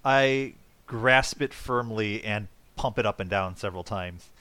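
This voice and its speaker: A low-voiced playful player. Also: male voice, measured pace, pushed and bright, no room sound. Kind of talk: narrating own character in a tabletop game.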